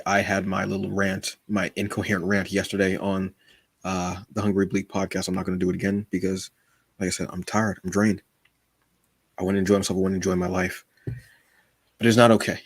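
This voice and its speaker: A man's voice: low-pitched, flat delivery, brisk, slightly rough, dry recording. A man co-hosting a podcast in casual chat, playful and joking, often calling his co-host "brother". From United States.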